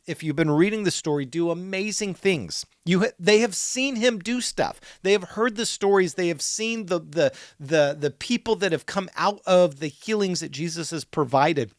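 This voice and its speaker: A man hosting a podcast, talking through a Bible passage in a relaxed, conversational way, often repeating words and saying "like". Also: a little high, no room sound, clean studio sound. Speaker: podcast host teaching on scripture.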